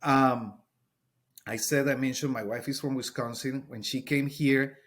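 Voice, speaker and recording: A man's voice: medium pitch, steady tone, measured pace, a bit bright. A man with a Colombian Spanish accent, a Spanish teacher talking earnestly in a podcast interview and sometimes searching for words.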